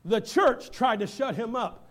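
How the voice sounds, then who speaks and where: A man preaching a fervent sermon in a church, building from reading scripture to shouting exhortation. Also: very high-pitched, expressive, a little slow.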